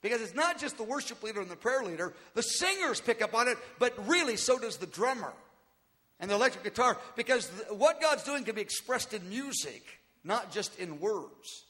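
A man's voice: high voice, big pitch swings, normal speed, bright, forceful tone. A man preaching a teaching sermon, earnest and exhorting, repeating his points. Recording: long hall reverb.

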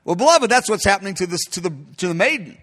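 A male preacher delivering an emphatic sermon. His voice sits very high and sounds bright and sharp. He often addresses his listeners as beloved. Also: expressive, fast talker.

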